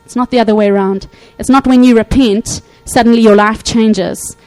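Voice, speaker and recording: Animated woman preaching a sermon. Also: a little high, moderate pace, hardly any pauses, soft background music, rough recording. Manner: animated, acts out quotes, frequent "okay?" check-ins.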